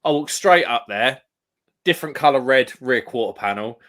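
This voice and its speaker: A man's voice: mid-range voice, expressive, moderate pace, fairly bright tone. A man, telling a long rambling story over casual chat and acting out what other people said. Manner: rambling anecdote teller, acts out quotes. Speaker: live stream co-host.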